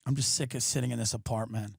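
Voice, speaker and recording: A man's voice: mid-range voice, steady tone, quick pace, creaky, slightly rough, dry recording, clean studio sound. A man hosting a podcast, delivering an exasperated, profane comedic rant from his apartment. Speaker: podcast host. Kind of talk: ranting comedic monologue.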